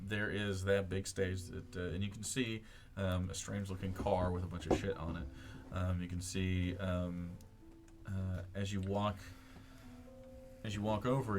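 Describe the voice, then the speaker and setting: A man narrating a tabletop game as game master, laid-back and full of filler words. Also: lowish voice.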